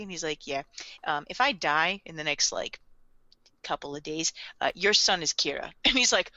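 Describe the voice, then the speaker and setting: A woman's voice: low voice, animated, normal speed, bright, forceful tone, no room sound. A young woman co-hosting a casual anime recap podcast, gushing and giggling while she acts out lines from the show. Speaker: podcast co-host. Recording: dry, slightly dull lo-fi audio.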